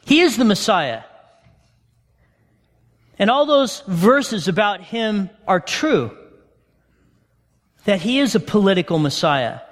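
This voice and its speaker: A man preaching a sermon as a pastor, telling the story in an animated way and calling his listeners friends. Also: high-pitched, takes it slowly, long pauses. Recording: long reverb of a large hall.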